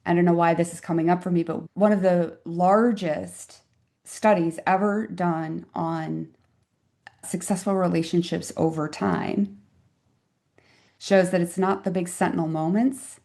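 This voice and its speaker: A woman's voice: on the low side, steady tone, unhurried, vocal fry, dark tone. A woman in her fifties, a physician guest on an interview podcast, telling stories in an earnest, reflective and emphatic way. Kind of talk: conversational interview storytelling.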